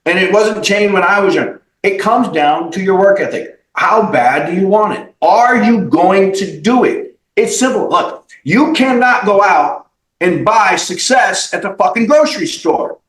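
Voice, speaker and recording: A man's voice: high voice, expressive, unhurried, fairly bright tone, roomy sound, rough recording. A man being interviewed as a company CEO on a podcast, giving emphatic, blunt motivational advice with some swearing. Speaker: guest, mortgage company CEO.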